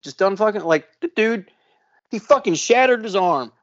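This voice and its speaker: A man co-hosting a podcast, telling a long story in a casual, profane, animated way. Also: high voice, normal speed, dull audio. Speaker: podcast co-host.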